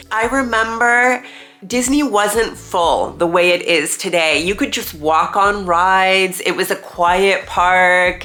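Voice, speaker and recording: Chatty and laughing easily, a retired theme park performer in her thirties looks back on old times in a casual talking-head vlog. She sounds nasal and congested from a cold, and her lowish voice is bright and forceful.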